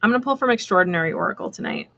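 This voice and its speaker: A woman's voice: medium pitch, lively intonation, very fast, gravelly, fairly bright tone, muffled recording. A woman hosting a live tarot reading stream, talking in a chatty, rambling way with lots of fillers, blunt and playful. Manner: blunt and playful, swears casually.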